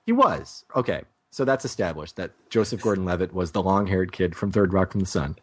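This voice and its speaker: A man co-hosting a casual movie review podcast, talking in an animated, rambling way and breaking off his own sentences. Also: sits low, brisk. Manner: animated, rambling, self-interrupting. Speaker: podcast co-host.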